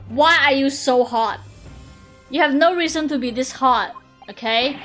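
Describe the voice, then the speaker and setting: Young woman streamer, excitable, foul-mouthed, gushes loudly, fairly high voice. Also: a little slow. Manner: excitable, gushing, swears a lot. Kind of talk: casual game-stream commentary. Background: faint game music.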